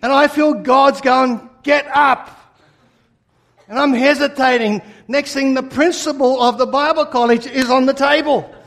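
A pastor telling a personal story in a sermon, animated and acting out his own replies. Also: extremely high pitch, moderate pace, few pauses.

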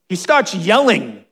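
A man preaching a sermon with passion, dropping to hushed asides and rising to emphatic, near-shouted points. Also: sits high. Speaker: pastor.

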